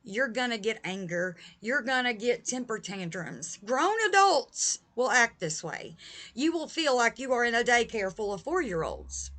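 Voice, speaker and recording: Woman vlogging to the camera, kinda high voice, heated and emphatic, talking right to her viewers. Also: big pitch swings, measured pace, bright, forceful tone. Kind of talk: direct-to-camera vlog talk.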